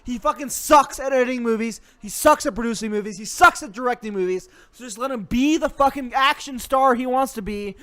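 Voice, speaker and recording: A man's voice: very high voice, fairly quick, hardly any pauses, a bit bright. A man hosting a comedy show, ranting angrily and swearing constantly, with mock threats. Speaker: host. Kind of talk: comedic profane rant.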